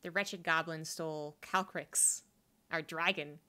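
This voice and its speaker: A sad little kobold creature in a tabletop game, as a woman puts him on, speaking in broken, simple phrases. The voice sits low and dark. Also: steady tone, a little slow. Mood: mournful. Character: frightened weepy small male kobold.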